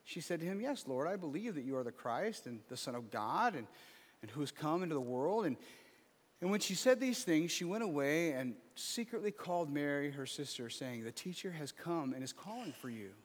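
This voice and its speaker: A man's voice: fairly high pitch, very animated, moderate pace, long reverb tail. A man preaching a sermon as pastor, reading scripture aloud and then breaking into casual, conversational asides.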